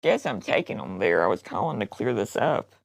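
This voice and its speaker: A woman's voice: very deep voice, big pitch swings, brisk, vocal fry, dry recording, heavily acted. A woman playing a worn-out, crude older woman on a prank phone call. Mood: flat, pleading. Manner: crude, rambling complaints. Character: worn-out older Southern woman, crass and blunt. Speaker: prank caller.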